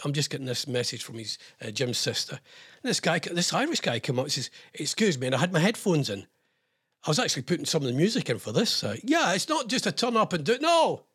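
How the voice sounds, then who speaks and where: Husky older man hosting chatty radio. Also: on the high side, a bit bright. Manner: chatty, self-mocking storyteller. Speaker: radio show host. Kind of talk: rambling casual radio chat.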